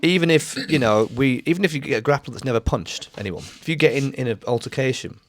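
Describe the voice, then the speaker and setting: A man's voice: medium pitch, fast talker, a little hiss or hum. A man in his forties co-hosting a podcast, telling stories in casual chat and swearing freely. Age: 40s. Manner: swears freely, acts out quoted voices. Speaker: podcast co-host.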